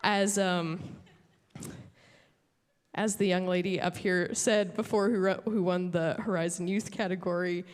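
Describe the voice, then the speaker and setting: Halting woman giving an award speech. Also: on the low side, steady tone. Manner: halting, many fillers and restarts. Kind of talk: emotional acceptance speech. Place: large hall at an awards show. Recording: long hall reverb.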